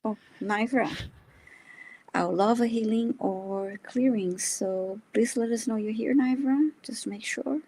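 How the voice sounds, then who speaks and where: A woman co-hosting a live psychic reading, speaking softly and hesitantly with many ums. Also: fairly high pitch, measured pace, slightly rough, low-quality recording. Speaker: psychic reader, co-host.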